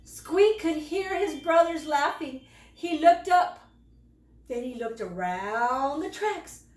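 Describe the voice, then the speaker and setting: A woman teacher reading a children's storybook aloud in an expressive, slow storytelling manner. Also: high voice, distant mic. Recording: roomy, away from the mic.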